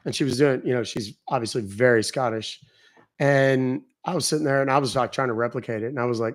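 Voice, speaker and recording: A man's voice: mid-range voice, fairly even intonation, brisk. A man hosting a live stream, chatting casually and profanely with his audience and joking around. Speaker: livestream host.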